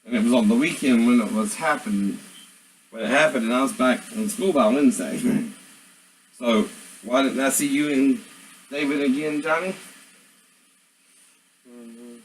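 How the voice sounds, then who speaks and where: A man's voice: mid-range voice, moderate pace, pauses often, a little hiss or hum, low-quality recording. A man vlogging at home, rambling and venting as he talks to absent people and keeps asking "right?". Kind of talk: rambling monologue to camera.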